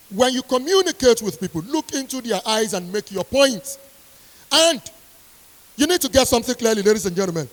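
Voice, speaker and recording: A strict university lecturer with a fairly high voice gives a motivational speech, emphatically repeating her key points for weight. The long reverb of a large hall rings around her.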